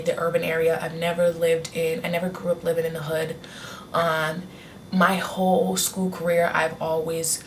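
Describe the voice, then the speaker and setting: A woman's voice: lowish voice, far from the mic, a little hiss or hum. Candid young woman telling a story. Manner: candid and rambling, with frequent restarts. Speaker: beauty vlogger. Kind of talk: casual storytelling to camera. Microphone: on-camera mic.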